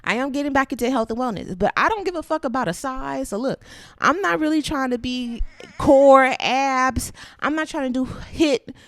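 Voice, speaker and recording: A woman's voice: high-pitched, normal speed, dry recording. Candid, profane woman host, dry sound. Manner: candid and profane, with loose chatty tangents; laughs often while talking. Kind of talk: casual chat.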